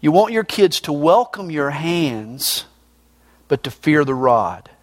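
Middle-aged male pastor, high voice, emphatic sermon delivery. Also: sing-song, slow pace. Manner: emphatic preaching, swings between loud and low.

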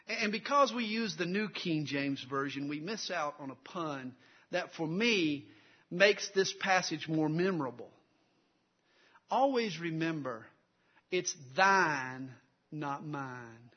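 A male pastor preaching a sermon, telling stories dramatically and swelling loud before dropping low. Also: unhurried, lo-fi sound.

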